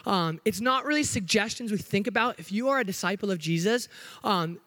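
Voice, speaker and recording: Hyper high-voiced young youth pastor. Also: male voice, expressive, bright, forceful tone. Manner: hyper, upbeat and joking, trying to slow down. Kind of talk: sermon. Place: church sanctuary.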